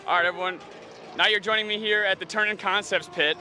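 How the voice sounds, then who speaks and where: Fast, bright-voiced male pit reporter. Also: high voice, steady tone, a little hiss or hum. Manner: friendly, quick, casual interviewer. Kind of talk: casual live event segment. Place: outdoors in pit garages.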